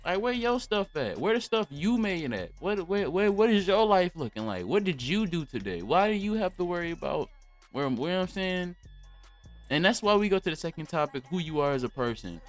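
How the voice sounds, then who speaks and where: A man's voice: sits high, very animated, fairly quick, soft background music. A young man hosting a casual livestream podcast, rambling in a blunt, profane rant. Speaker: podcast host.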